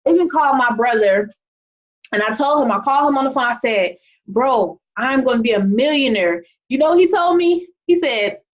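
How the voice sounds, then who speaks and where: A young adult woman gives a casual online marketing presentation over a video call, her high-pitched voice expressive and a little fast. She is chatty and often checks in with "okay?". The video call microphone makes the audio sound muffled.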